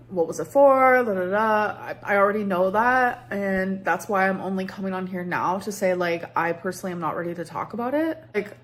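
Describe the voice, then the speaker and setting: A woman talking casually in a vlog, ending her phrases with a rising upward inflection. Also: medium pitch. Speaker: vlogger.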